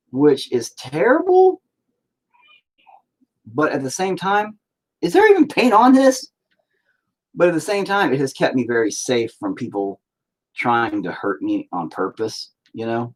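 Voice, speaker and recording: Animated, swearing man rambling on stream. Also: medium pitch. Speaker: painting livestreamer. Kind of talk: casual rambling chat.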